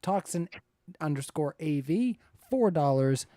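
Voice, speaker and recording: A man's voice: on the high side, expressive, a little slow, mellow, dry recording, studio quality. A man moderating a live-streamed debate, reading donor comments aloud with chuckles and hesitant fillers.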